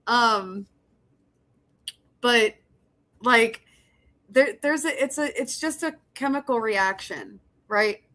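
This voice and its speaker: A woman's voice: fairly high pitch, takes it slowly, pauses often, pushed and bright. A young woman hosting a casual livestream, chatting with her viewers, laughing often and swearing as she rambles. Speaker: livestream host.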